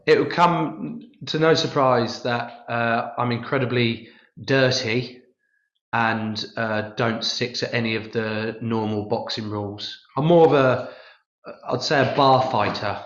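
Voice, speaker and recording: A man's voice: medium pitch, steady tone, measured pace, a bit bright, reverberant, dull audio. A man answering press-conference questions in a rambling, self-deprecating, jokey way. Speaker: rugby player at a press conference.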